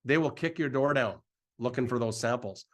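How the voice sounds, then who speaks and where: At a normal pace, a middle-aged man fronts a live presentation with a repetitive, excitable pitch. He hypes himself up throughout.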